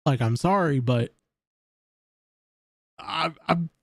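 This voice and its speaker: A man hosting a casual reaction stream, talking haltingly with many restarts. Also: fairly high pitch, dry recording, clean studio sound. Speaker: streamer host.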